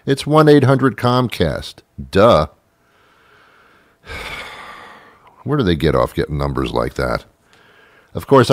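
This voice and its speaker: Comic host, low voice, lively sarcastic delivery, dry close mic. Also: male voice, dry recording. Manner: exasperated, sarcastic, mimics voices. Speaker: comedy show host. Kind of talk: comic rant monologue.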